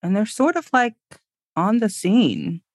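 A young woman chatting as a podcast guest, blunt and quick to laugh. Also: mid-range voice, very animated, no echo, clean studio sound. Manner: blunt, laughing, emphatic agreement. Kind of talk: casual chat.

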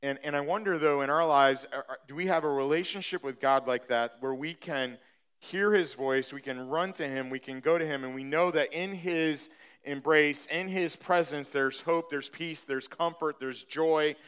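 A man's voice: a little high, a bit bright, clean tone. A middle-aged man preaching a sermon, telling a personal story in a conversational way with many fillers and restarts, building to emphatic points. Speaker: pastor.

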